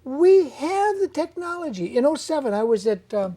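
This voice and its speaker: A woman hosting a casual interview, her voice mellow and dark-toned and sitting a touch high. She talks in an animated way and builds out long hypothetical scenarios. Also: moderate pace.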